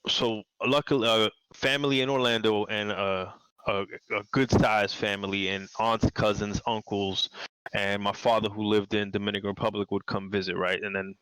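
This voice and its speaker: A man's voice: on the low side, fairly even intonation, moderate pace, fairly bright tone, clean tone, no echo, rough recording. A man, a game designer as the guest in a casual interview, rambling, repeating words and laughing often. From New York City.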